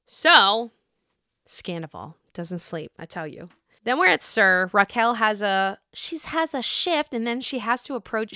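A woman's voice: a little high, unhurried, smooth, no room sound, clean studio sound. A woman with an East Coast American accent, casually recapping reality TV as a podcast host, sarcastic and swearing freely. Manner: swearing, animated, sarcastic ranting.

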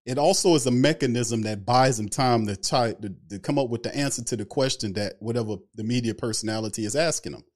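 A man's voice: mid-range voice, fast talker, few pauses, a little mellow. A man hosting a casual sports talk livestream, loose and chatty, greeting viewers in the chat by name. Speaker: sports talk show host.

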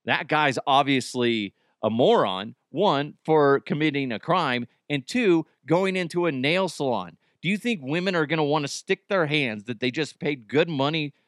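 A man's voice: a little high, lively intonation, normal speed, hardly any pauses, fairly bright tone, no echo, clean studio sound. A man hosting a podcast, rambling through a crude comedic monologue and laughing at his own jokes. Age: middle-aged. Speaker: podcast host.

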